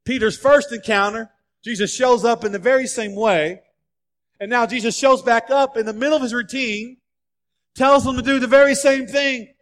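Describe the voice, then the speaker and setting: A man preaching a sermon, telling the story with lively changes of voice as he acts out the figures. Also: extremely high pitch. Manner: animated storytelling, acting out quoted voices. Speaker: pastor. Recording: long hall reverb.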